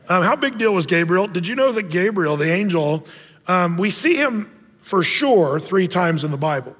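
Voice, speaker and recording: A man preaching with a high, lifted voice and a loose, joking delivery. He keeps it conversational and sometimes acts out Bible figures in playful voices. His voice trails off into a long hall reverb. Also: animated, moderate pace, a bit bright. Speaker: pastor. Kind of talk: sermon.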